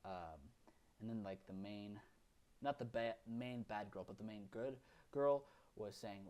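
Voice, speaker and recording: A man's voice: lowish voice, a little slow, darkish tone. A man co-hosting a podcast, recapping films in casual, rambling chat full of fillers and restarts. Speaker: podcast co-host.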